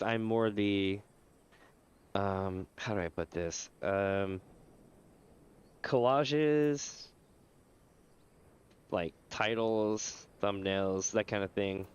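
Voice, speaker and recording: A man's voice: lowish voice, fairly even intonation, drawn-out words, long pauses, clear, resonant tone, highs cut off. A male streamer with a stuffy nose, chatting casually on a live game stream, rambling, swearing freely and laughing often. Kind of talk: casual livestream chat.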